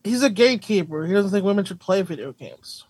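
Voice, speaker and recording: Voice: mid-range voice, lively intonation, brisk, darkish tone, breathy edge, no echo. A podcast co-host riffing wryly in casual comedic chat.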